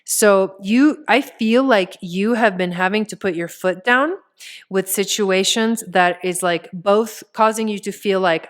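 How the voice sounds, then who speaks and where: Smooth-voiced woman reading tarot cards. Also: mid-range voice, a little slow. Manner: chatty, many "like" fillers; speaks straight to the viewer as "you". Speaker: tarot reader and astrologer. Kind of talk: casual tarot reading to camera.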